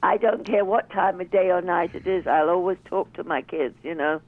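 Older woman caller, gravelly, phone-quality audio. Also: fairly low pitch, normal speed. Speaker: caller, host's mother. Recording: tinny phone line.

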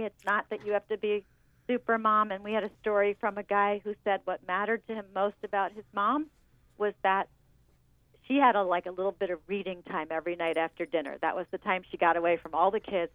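A woman calls in to a radio show and tells stories in a calm, measured way. Her voice comes through a tinny phone line. The sound is dry, with no room echo. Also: medium pitch. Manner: measured storytelling. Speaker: book editor guest on the phone. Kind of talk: phone-in interview. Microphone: telephone.

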